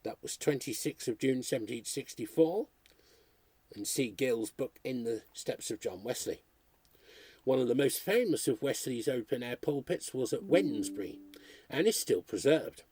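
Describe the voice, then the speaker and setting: A man with a husky voice reading a history book aloud, steadily working through dates and places. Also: mid-range voice, lively intonation, moderate pace, a little mellow. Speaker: reader.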